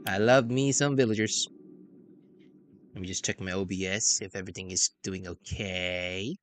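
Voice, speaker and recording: A man's voice: low voice, steady tone, normal speed, a bit bright, slight background noise. Playful rambling male streamer. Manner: playful, rambling, self-mocking. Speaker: VTuber streamer. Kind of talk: casual game stream chatter. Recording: game music playing behind.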